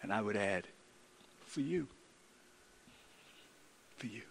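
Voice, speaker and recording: A man preaching a sermon as pastor, swinging from loud, urgent lines to hushed, slow ones. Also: lowish voice, expressive, vocal fry, long reverb tail, slight background noise.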